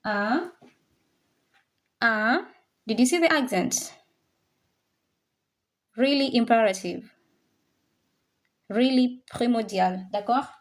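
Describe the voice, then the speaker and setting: A woman teaching a French lesson, saying each word slowly and repeating it for learners to copy. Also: a little high. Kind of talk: classroom language lesson.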